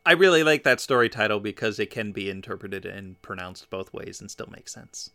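A man co-hosting a podcast in a casual fan discussion, animated and prone to mocking asides. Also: lowish voice, brisk, creaky. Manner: animated, acts out quotes in mocking voices. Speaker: podcast co-host.

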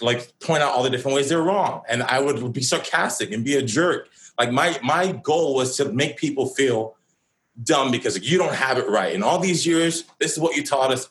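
Young male pastor, lively casual sermon delivery, roomy church acoustics. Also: mid-range voice. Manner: animated, self-mocking, conversational preaching with many asides. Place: church hall. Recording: echoey room.

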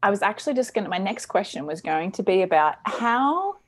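A woman's voice: medium pitch, sing-song, fairly quick. A woman hosting a podcast interview, asking long questions and rephrasing them eagerly. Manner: enthusiastic, rephrases her questions. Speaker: podcast host.

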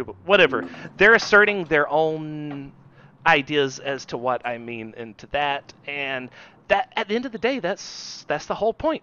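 A man co-hosting a podcast in casual chat, wry and sarcastic with quick asides. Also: a little high, sharp tone, a little hiss or hum. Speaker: podcast co-host. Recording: dull lo-fi sound.

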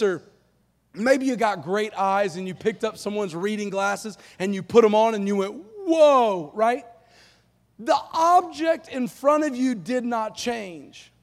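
A man preaching a live sermon to a congregation, lively and joking in a casual, down-to-earth way. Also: extremely high pitch. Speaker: pastor. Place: church auditorium. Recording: long reverb of a large hall.

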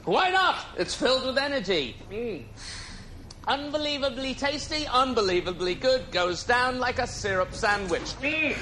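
An actor playing a bumbling salesman who loudly pitches an energy drink in a put-on British accent. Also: expressive, normal speed, noisy background. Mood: hammy pitch. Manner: loud hard-selling pitch, slurps and hams it up. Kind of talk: TV comedy scene.

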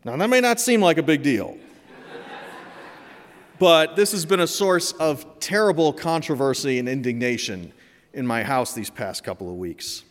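A man's voice: a little high, lively intonation, moderate pace. A man in his thirties telling a personal story with candid, humorous asides. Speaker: speaker. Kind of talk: personal reflective talk. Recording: echoey hall.

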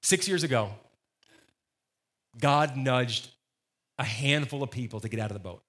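A man's voice: medium pitch, animated, measured pace, fairly bright tone. A man preaching a sermon as the church's pastor, emphatic and conversational, repeating phrases for stress.

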